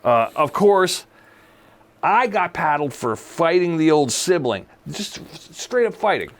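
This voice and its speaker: Slow-paced and on the high side, this podcast co-host is a man in his forties or fifties chatting casually. He tells stories with animation, laughs a lot, and performs the voices of people he quotes.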